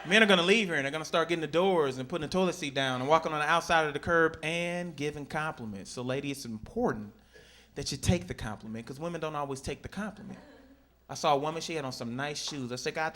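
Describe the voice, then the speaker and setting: A man from Texas doing a stand-up set on a club stage, telling animated stories and acting out the voices. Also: fairly high pitch, quick pace. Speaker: stand-up comedian. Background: audience laughter.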